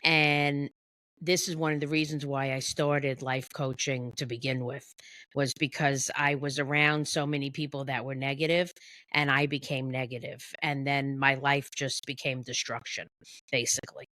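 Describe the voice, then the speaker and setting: A woman, an executive behavior coach, talking about her work in a podcast interview, halting often with pauses and fillers. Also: very deep voice, little pitch movement, fairly bright tone, dry recording.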